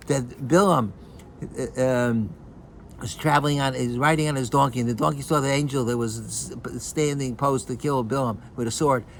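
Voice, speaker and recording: Gravelly rabbi giving a halting sermon. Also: male voice, a little hiss or hum. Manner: halting, many repeated words and restarts; acts out quoted voices with rising pitch.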